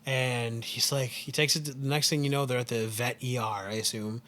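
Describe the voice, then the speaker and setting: A man co-hosting a casual podcast, walking through a film plot scene by scene. He talks at a middling pitch with a bright, forceful tone. He leans on filler words and restarts as he goes. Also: level tone, brisk. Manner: rambling, heavy use of "like" and "um". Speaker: podcast co-host.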